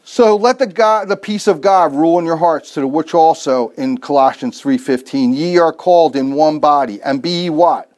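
A man with a slightly higher pitched voice preaches in a loose, conversational way. He tells everyday stories and answers his own rhetorical questions. Now and then he pokes fun at himself. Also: moderate pace, hardly any pauses, darkish tone. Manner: conversational storytelling, rhetorical questions, self-deprecating asides. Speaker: pastor. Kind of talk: casual sermon.

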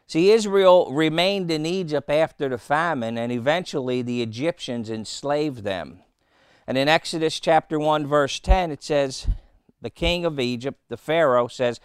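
A man's voice: on the high side, normal speed, clear, resonant tone, dry recording, clean studio sound. A man preaching a sermon, telling anecdotes with rhetorical questions and acted-out quotes.

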